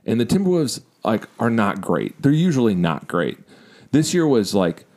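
Deep gravelly man telling a story. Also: very animated, moderate pace. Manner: candid, self-deprecating, drops to a quiet reflective tone. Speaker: podcast co-host. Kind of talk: casual storytelling.

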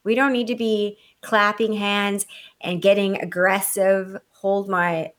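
An adult woman telling a story in casual chat, blunt and animated, swearing freely, with a condescending edge she admits to. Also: medium pitch, slow pace. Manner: self-described condescending.

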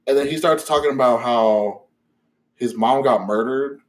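A young man hosting a podcast, telling a story in casual chat, animated and profane, with many fillers. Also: mid-range voice, unhurried. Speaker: podcast host.

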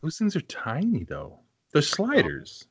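A man's voice: a little high, wildly swooping pitch, measured pace, fairly bright tone, breathy edge, no room sound. A man with a New England accent, co-hosting a casual podcast chat in a blunt, teasing way and swearing freely. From Massachusetts, New England. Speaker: podcast co-host.

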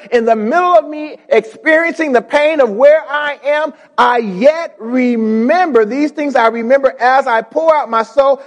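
A man preaching from the pulpit with a very high voice. He calls out to the congregation, circles back on his words, and builds to shouts. His voice rings with the long reverb of a church hall. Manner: call-and-response preaching, repeats words, rising to shouts. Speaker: pastor. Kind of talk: preaching a sermon.

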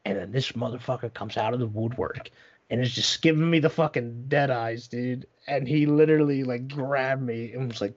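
A man's voice: medium pitch, normal speed, lo-fi sound. A young man telling a long story in casual chat, rambling and profane, full of fillers.

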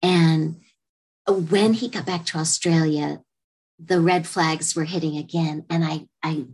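A woman with a slightly low, husky voice recounts her past on a casual podcast. She talks candidly and loosely, with restarts and chuckles. She brings other people to life by briefly acting out their words. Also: fairly even intonation, measured pace, a little mellow. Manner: candid, rambling, laughs often, acts out quotes. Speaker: podcast guest, actress. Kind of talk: casual storytelling chat.

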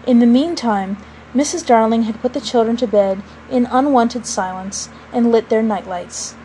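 A woman narrating a classic storybook aloud in a measured, expressive way. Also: fairly high pitch, a little hiss or hum, low-quality recording.

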